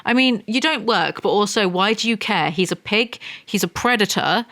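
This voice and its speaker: A woman's voice: medium pitch, lively intonation, moderate pace, a bit bright. Sarcastic woman ranting through a book review. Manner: sarcastic, reads passages aloud then mocks them. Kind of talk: comedic book review rant.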